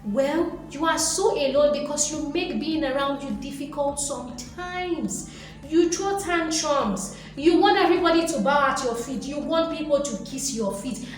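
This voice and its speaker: A woman giving an animated motivational talk who lectures her viewers and acts out little voices. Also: high voice. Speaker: motivational vlogger. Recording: very echoey room, faint music behind.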